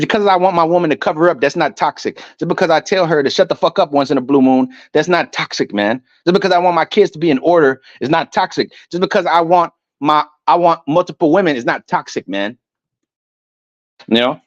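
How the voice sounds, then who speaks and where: A man giving a ranting commentary, loud and emphatic, stumbling over repeated words as he reads definitions aloud. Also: a little high, no echo. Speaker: online commentator. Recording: dull lo-fi dry sound.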